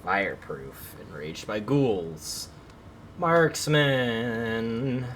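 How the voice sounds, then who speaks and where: A man streaming a video game, tossing off wry, sardonic remarks and the odd curse. His voice swings widely in pitch and sounds bright and forward. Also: animated, extremely slow, slight background noise. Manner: wry, sardonic, swears freely. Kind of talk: casual gaming commentary.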